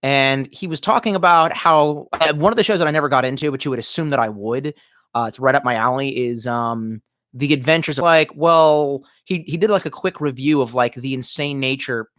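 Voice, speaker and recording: A man's voice: medium pitch, a little fast, a bit bright, no room sound, clean studio sound. Rambling, swearing male live streamer. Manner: rambling, profane, many fillers and restarts. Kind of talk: casual live-stream chat, reading viewer comments.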